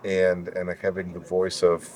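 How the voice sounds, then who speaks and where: Deep-voiced Russian-born man. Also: completely flat delivery, measured pace, darkish tone. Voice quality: deep, announcer-like voice. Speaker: guest, local elected official. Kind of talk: conversational interview.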